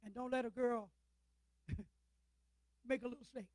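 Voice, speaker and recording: An older man preaching a sermon, firing rhetorical questions at the congregation and swinging between loud declarations and quiet asides. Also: very high-pitched, steady tone, moderate pace, long pauses, no room sound, low-quality recording.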